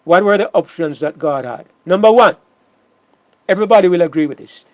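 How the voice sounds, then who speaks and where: A man's voice: sits high, expressive, brisk, dry recording, dull audio. A man preaching a sermon, emphatic, often repeating words and restarting phrases.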